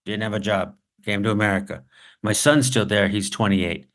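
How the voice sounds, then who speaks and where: A man's voice: on the low side, fairly even intonation, moderate pace, close to an everyday voice. A man voicing a weary, middle-aged woman hotel clerk who speaks in a plain, matter-of-fact way. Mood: somber.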